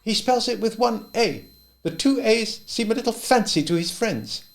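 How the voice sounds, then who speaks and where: A man voicing a quiet, careful male household cook with a light, noticeably higher voice and polite manner. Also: lively intonation, normal speed, gravelly.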